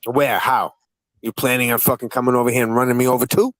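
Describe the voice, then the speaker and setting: A man's voice: medium pitch, little pitch movement, fast talker, a bit bright, no room sound, low-quality recording. A man hosting a livestream panel, talking in a profane, taunting and combative way. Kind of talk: heated livestream panel chat.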